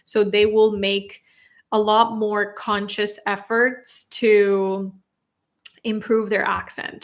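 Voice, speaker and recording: A woman's voice: medium pitch, fairly bright tone. A young woman speaking English as a second language, casually answering viewer questions on a livestream, chatty and laughing often. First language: non-native English speaker. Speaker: content creator answering live chat questions.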